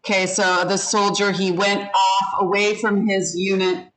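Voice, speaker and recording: A woman teaching an English class, speaking at an unhurried, deliberate pace. She explains each word patiently and asks her students to say it back with her. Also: medium pitch, level tone, a bit bright, poor audio. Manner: slow, patient, leads the class in repeating words. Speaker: ESL teacher. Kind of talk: online vocabulary lesson.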